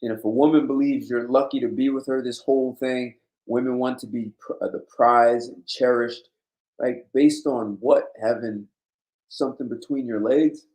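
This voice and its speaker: A man's voice: medium pitch, fairly even intonation, normal speed, dark tone. A man hosting a blunt, emphatic monologue in a casual, lecturing way. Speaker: host. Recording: roomy echo.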